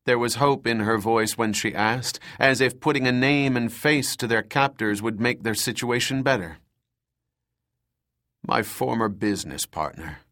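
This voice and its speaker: A man narrating a dark thriller audiobook in a measured, dramatic reading style. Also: mid-range voice, fairly even intonation. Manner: slow, measured, dramatic reading with voiced dialogue.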